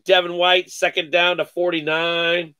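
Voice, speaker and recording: A man hosting a live sports card break, calling out each card with excited slang and cursing. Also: high-pitched, clean tone, dry recording. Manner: excited, calls out cards rapidly with slang and cursing.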